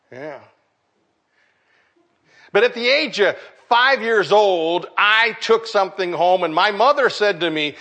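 A middle-aged man preaching a sermon, animated and acting out the voices of the people in his story. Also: sits high, slow pace, long pauses. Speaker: pastor.

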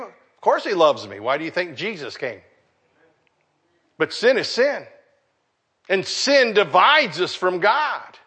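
A middle-aged man preaching a sermon, animated and acting out the voices of the people in his story. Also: high-pitched, slow, long pauses, slightly rough. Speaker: pastor.

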